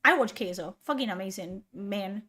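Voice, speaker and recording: A woman's voice: mid-range voice, moderate pace, a bit bright. A woman live streamer in casual chat, exasperated and swearing often.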